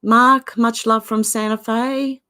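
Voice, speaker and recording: An Australian woman hosts a casual livestream, greeting viewers by name and reading their comments aloud in a chatty way. Her voice is fairly high, pushed and bright, slow-paced with fairly even intonation.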